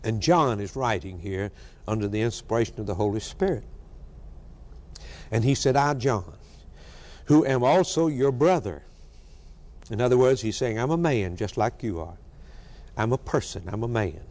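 A man delivers a fervent sermon, driving his points home through repetition. His pitch swings widely between high declarations and low, quiet phrases. The recording carries the long reverb of a large hall. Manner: fervent, emphatic preaching with repetition. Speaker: preacher.

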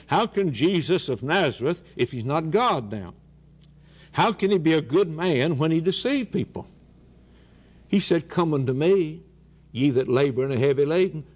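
A man preaching a sermon, emphatic, repeating phrases and dropping low on key words.

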